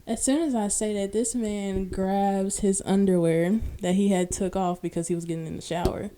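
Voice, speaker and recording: Young woman telling a story, animated. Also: mid-range voice. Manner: animated storyteller, acts out quoted dialogue. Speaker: podcast guest. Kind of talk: casual storytelling.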